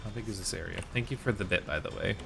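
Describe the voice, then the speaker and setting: A man's voice: on the low side, fast, creaky, over music. A man streaming a game, chatting casually, thinking aloud and reading the on-screen dialogue. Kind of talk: live-streamed gameplay chat.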